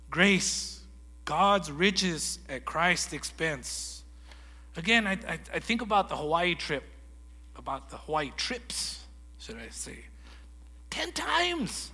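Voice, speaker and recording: A man preaching a sermon in a lively storytelling way, acting out conversations as he goes. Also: on the high side, slow, husky, big-room sound. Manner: animated storytelling, acts out dialogue. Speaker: guest preacher.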